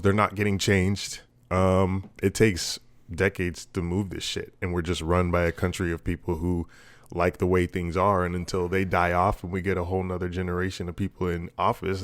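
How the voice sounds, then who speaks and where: A man's voice: sits low, no room sound. A young man co-hosting a podcast, talking bluntly and profanely in casual chat that turns into heated ranting. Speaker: podcast co-host.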